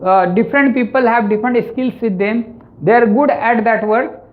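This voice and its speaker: A woman's voice: on the high side, moderate pace, phone-quality sound. A woman teaching an online grammar lesson, explaining step by step and often checking in with "right?". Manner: explanatory, tags lines with "right?". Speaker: English teacher.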